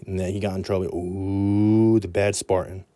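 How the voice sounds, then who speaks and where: A man teaching with playful, rambling asides. His voice is low-pitched and mellow, with a relaxed, warm tone. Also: quick pace, dry recording. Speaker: anatomy teacher. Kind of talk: mnemonic lesson.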